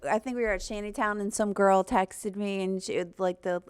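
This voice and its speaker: A woman's voice: mid-range voice, moderate pace, clean tone. A woman hosting a casual podcast chat, telling blunt stories and acting out quoted lines. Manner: animated storyteller, blunt, acts out quotes. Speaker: podcast host, comedian.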